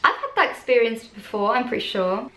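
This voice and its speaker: Young british woman, high voice, bubbly and chatty, echoey room, faint music. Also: sing-song, fairly quick, fairly bright tone. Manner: bubbly, chatty, sympathetic, self-deprecating. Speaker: YouTuber. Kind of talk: casual reaction vlog.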